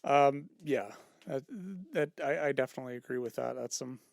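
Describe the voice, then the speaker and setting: A man's voice: medium pitch, fairly even intonation, normal speed, gravelly, no room sound, studio quality. A man co-hosting a podcast, chatting casually and agreeing with his partner. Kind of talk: casual chat.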